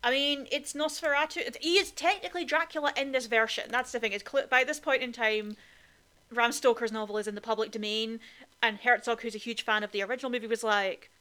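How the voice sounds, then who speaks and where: A woman co-hosts a casual film podcast in a bright, slightly high voice. She talks in a chatty, opinionated way and drops in plenty of "like" fillers. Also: steady tone, a little fast. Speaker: podcast co-host.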